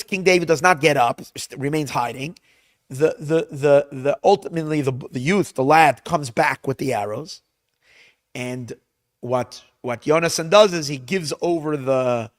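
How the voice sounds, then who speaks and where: A man, a rabbi teaching a class, retelling a Bible story with Hebrew translations in an animated way, often restarting his phrases. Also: fairly high pitch, no room sound, studio quality. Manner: animated storyteller, acts out lines loudly; restarts and repeats words often.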